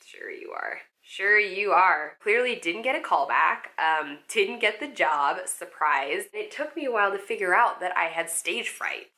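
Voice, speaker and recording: A young adult woman telling a story in a casual vlog, chatty and self-mocking, jumping into high playful voices when she quotes people. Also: bright, forceful tone. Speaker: actress and vlogger.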